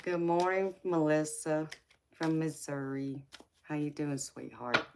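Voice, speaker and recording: Low, unhurried woman, playful and laughing. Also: little pitch movement, gravelly, slight background noise.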